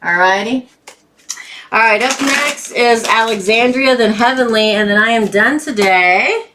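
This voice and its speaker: A woman doing a live tarot reading, chatty and often breaking into laughter and excited bursts. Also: a little high, measured pace, slight background noise. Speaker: tarot reader.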